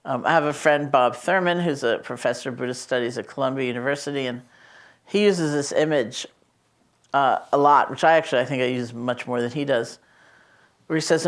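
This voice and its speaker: A woman meditation teacher speaking in a conversational, storytelling way, gently emphatic as she teaches about loving kindness. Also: extremely low pitch, fairly quick. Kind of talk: reflective teaching talk.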